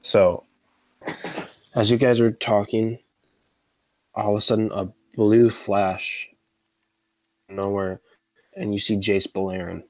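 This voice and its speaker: A man narrating as dungeon master of a tabletop game, casual and halting. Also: fairly low pitch, steady tone, darkish tone, no room sound, low-quality recording.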